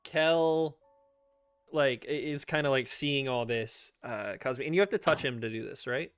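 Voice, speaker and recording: A man's voice: medium pitch, normal speed, clean tone, no echo, faint music behind. A laid-back man who laughs often, running a tabletop game as game master. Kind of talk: casual game narration.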